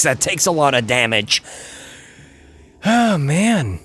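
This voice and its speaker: A man streaming a video game with casual commentary, excitable, swearing and begging his character to survive. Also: a little high, takes it slowly, a little hiss or hum. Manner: excitable, begs and yells at the game, swears freely.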